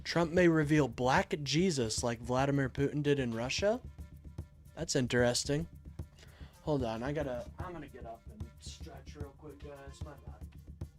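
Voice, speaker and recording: A man's voice: medium pitch, a little slow, faint music behind. A young man hosting a political live stream, reading chat and answering it in a heated, exasperated way. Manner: heated, exasperated, swings between loud and muttered.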